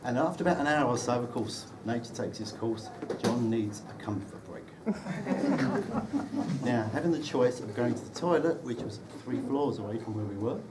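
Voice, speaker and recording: A man's voice: mid-range voice, animated, normal speed. Man telling a roast at a wedding. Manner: dry, teasing storytelling with comic timing. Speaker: wedding speech giver, friend of the groom. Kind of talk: humorous wedding speech. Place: wedding reception room, indoors. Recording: distant mic with loud room noise.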